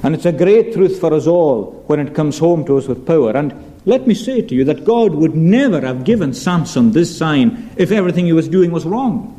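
With a slightly high, warm voice and lively intonation, a man preaches an earnest expository sermon. He asks rhetorical questions and reads passages of scripture out loud at a slow pace.

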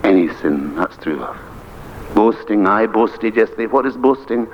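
A man's voice: on the low side, expressive, moderate pace. An older man, a minister preaching an earnest, emphatic sermon. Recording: dull lo-fi archive recording with faint hiss.

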